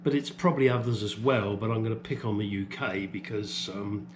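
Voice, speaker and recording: A man's voice: fairly low pitch, steady tone, fairly quick, a little hiss or hum. A man from the UK delivering an angry, profane opinion rant as a vlogger.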